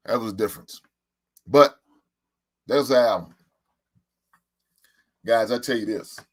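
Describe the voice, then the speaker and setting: A man's voice: fairly low pitch, slow, long pauses. A man in his forties hosting a casual live stream, talking loosely and profanely, laughing and reading out comments from his chat. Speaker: podcast host.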